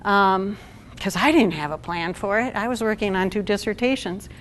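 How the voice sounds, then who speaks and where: A woman's voice: medium pitch, normal speed, slight background noise. A middle-aged woman giving a talk to an audience at a support event, conversational and asking the room questions.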